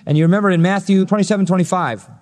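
A man's voice: high-pitched, very fast, a little mellow, big-room sound. A male pastor preaching an expository sermon, telling the story dramatically and acting out the quotes he reads.

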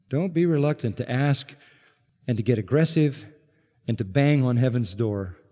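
A man preaching an expository sermon to a congregation, emphatic and climbing to forceful peaks on key words. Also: medium pitch, lively intonation, moderate pace. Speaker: pastor. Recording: long hall reverb.

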